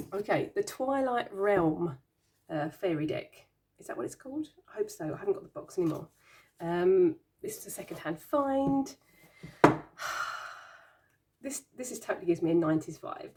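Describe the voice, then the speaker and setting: A woman's voice: mid-range voice, darkish tone. A woman hosting her own channel, chatting casually as she shows things, giggling and sounding amused and baffled. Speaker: tarot channel host. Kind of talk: casual show-and-tell chat.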